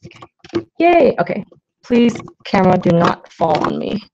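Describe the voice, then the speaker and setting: A woman's voice: fairly low pitch, fairly quick, noisy background. A young woman chats loosely with her livestream viewers while she paints at home. She wanders from thought to thought, stacks up fillers, and laughs at herself. Her voice comes through slightly dull, lo-fi stream audio. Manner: scattered and self-deprecating, many fillers and okays. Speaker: artist livestreaming to patrons.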